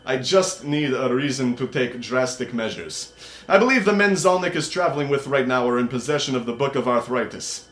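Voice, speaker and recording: A man's voice: medium pitch, lively intonation, brisk, a bit bright, close to an everyday voice. A man voicing a cold, commanding half-human tigress woman who leads a party, speaking curtly. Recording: roomy echo.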